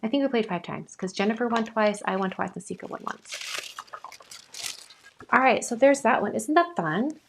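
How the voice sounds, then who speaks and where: A woman's voice: on the high side, animated, normal speed, long pauses, a little hiss or hum. Chatty woman demonstrating a craft live. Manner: chatty, upbeat, narrates her hands. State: has the hiccups. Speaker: crafting host.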